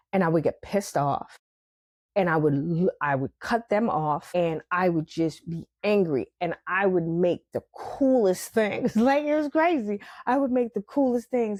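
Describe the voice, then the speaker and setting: A woman's voice: medium pitch, a little mellow, no echo, clean studio sound. A woman hosting a podcast, speaking in a reflective spiritual monologue and acting out her inner voices with bursts of laughter. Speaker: podcast host.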